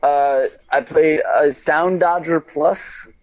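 A man's voice: on the high side, fairly even intonation, slow, darkish tone, rough recording. A man chatting casually about video games on a podcast, rambling with lots of fillers and restarts.

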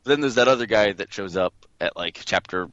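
A man's voice: on the low side, expressive, brisk, a bit bright, no room sound. A man co-hosting a casual gaming podcast, hesitant, often trailing off and restarting his sentences. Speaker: podcast co-host. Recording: dull lo-fi dry sound.

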